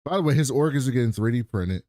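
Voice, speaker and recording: Animated man recapping a show, dry mic. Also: medium pitch, fast, no echo. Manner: animated retelling with laughs. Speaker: podcast co-host. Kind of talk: casual TV recap chat.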